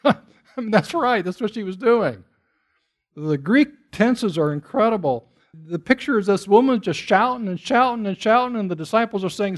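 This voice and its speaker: A man preaching a sermon with a fairly high voice that swings widely between quiet explanation and loud emphatic bursts. He breaks down Greek words in a plain, conversational way. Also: moderate pace. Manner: animated, rising to emphatic bursts while retelling scripture. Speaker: pastor.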